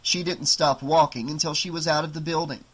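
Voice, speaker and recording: A man narrating an audiobook in a steady, dramatic reading style. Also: on the high side, fairly quick, slightly rough, rough recording. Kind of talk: scripted narration.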